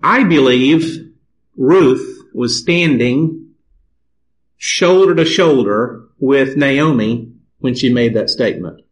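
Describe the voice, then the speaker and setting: Slow, deliberate male preacher. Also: medium pitch, poor audio. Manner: slow, deliberate scripture reading and exposition. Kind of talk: sermon.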